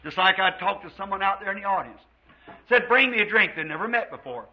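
A man from the United States preaches to his congregation with fervour, his voice pitched high and a little husky. He stretches out his scripture quotes slowly, then speeds through the asides. The recording is dull and lo-fi, like an old church tape. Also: animated. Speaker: pastor. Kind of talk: sermon.

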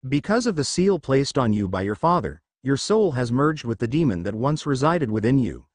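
A man voicing a stern, imperious goddess who judges souls, speaking in a haughty, commanding way, with lively pitch. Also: normal speed, no echo, clean studio sound.

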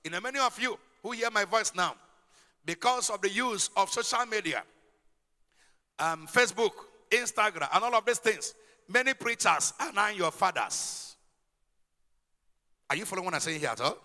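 Male pastor, forceful bright delivery, high-pitched, preaching in a big reverberant hall. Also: lively intonation, normal speed, long pauses. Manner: emphatic preaching with rhetorical questions to the congregation. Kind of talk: sermon.

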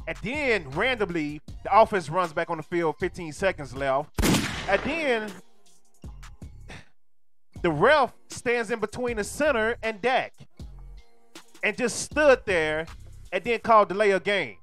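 A hoarse male streamer delivers an exasperated sports rant and hammers the same points again and again. His voice sits high despite the strain. Faint music plays underneath. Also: animated, measured pace, long pauses, fairly bright tone. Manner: exasperated, repeats his complaints.

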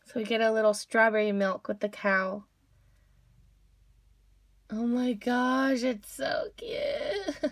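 A woman's voice: mid-range voice, dry recording. A young woman hosting a casual toy unboxing video, gushing over each cute toy with gasps and squeals.

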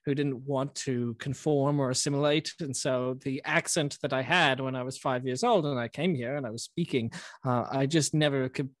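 A man's voice: mid-range voice, steady tone, normal speed, no room sound. A young man with a hybrid English-American accent, answering interview questions with many restarts and a wry tone. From born in England, raised in Florida. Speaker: guest, magazine editor.

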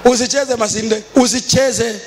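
A Kenyan man preaching as a bishop, mixing Swahili with English and rising into shouted, sing-song passages. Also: extremely high pitch, steady tone, normal speed, long reverb tail, a little hiss or hum. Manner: switches between Swahili and English. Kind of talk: sermon.

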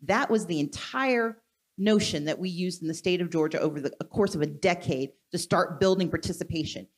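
This guest speaker is a woman from Mississippi taking part in a live conversation onstage. Her pitch sits on the low side, and her delivery is forceful, deliberate and rallying.

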